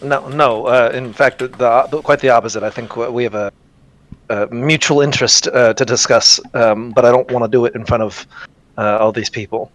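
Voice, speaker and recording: A man's voice: medium pitch, steady tone, normal speed, fairly bright tone. A man as a player in a tabletop game, talking in character in a sly, businesslike way over a video call.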